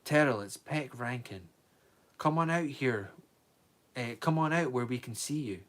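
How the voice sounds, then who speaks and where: A man's voice: medium pitch, expressive, unhurried, a bit bright. Rankin, a man doing a ragged, snarling gunman. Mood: wary. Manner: snarling and curt. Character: ragged, exhausted, desperate armed man.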